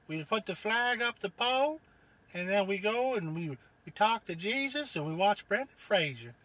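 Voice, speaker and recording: Picture a high, lively voice belonging to a muddled, eager dad as a man puts him on, rambling cheerfully through his answers. The sound is bright and bone-dry, with no room around it. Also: moderate pace, no echo. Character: dim-witted doting dad panelist, rambling. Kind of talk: improvised comedy character.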